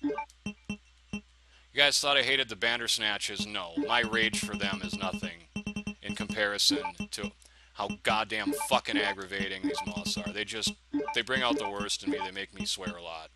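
Swearing and venting at enemies, a man narrates his own video game session in a lowish, very animated voice, speaking a little slowly. The audio is poor, with game music plainly playing underneath.

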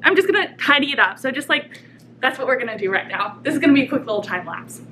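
A woman's voice: sits high, animated, quick pace, pushed and bright, faint music behind, poor audio. A young woman chatting casually to her camera at home, rambling with lots of fillers. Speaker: vlogger. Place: apartment, indoors.

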